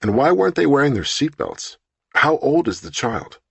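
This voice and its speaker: A man's voice: mid-range voice, sing-song, moderate pace, creaky, fairly bright tone, slightly rough, pitched above the performer's own voice, exaggerated voice. Man playing a brusque, wry attorney. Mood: serious. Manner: brusque, then concerned and probing. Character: brisk, wry male attorney.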